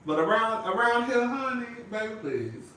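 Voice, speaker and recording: A man's voice: high voice, big pitch swings, moderate pace, bright, forceful tone, far from the mic, a little hiss or hum. A man chatting sassily to his viewers, calling everyone "girl" and "honey" and breaking into laughter. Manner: flamboyant, sassy, says "girl" and "honey" constantly, bursts into singing and laughter. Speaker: vlogger. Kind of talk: casual chat to viewers. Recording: echoey room, voice off-mic.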